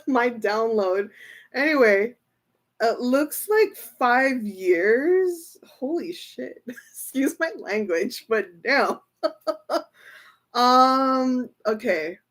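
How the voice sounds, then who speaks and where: A young woman reading tarot on a casual livestream, excitable and laughing often between phrases. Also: a little high. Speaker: tarot reader.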